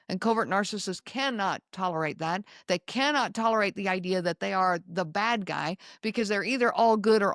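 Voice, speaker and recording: A woman hosting a podcast, speaking slowly and emphatically to her listeners and repeating key lines. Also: mid-range voice, a bit bright, dry recording, clean studio sound. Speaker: podcast host. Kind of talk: solo talk to listeners.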